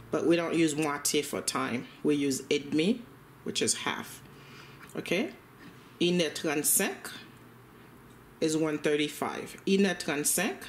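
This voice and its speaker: A patient language teacher walking through a lesson step by step, saying each phrase more than once and pausing often to check the listener is following. The pitch sits in an everyday middle range, with a faint hiss of noise under the voice.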